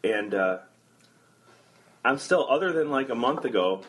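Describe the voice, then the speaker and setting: A man's voice: medium pitch, lively intonation, unhurried, a bit bright, slight background noise. A man hosting a podcast in casual chat, rambling with lots of fillers. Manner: laid-back, rambling with many fillers and laughs. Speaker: podcast host.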